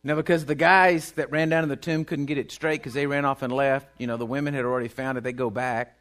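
A man preaching a sermon, swinging between loud bursts and hushed, quiet stretches. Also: medium pitch, steady tone, fast talker. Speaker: pastor.

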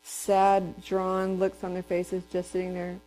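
A woman from Texas, preaching a sermon in a lively storytelling way and asking the congregation questions. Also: fairly low pitch, slow, a little hiss or hum, rough recording. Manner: lively storyteller who acts out quotes and asks the congregation questions.

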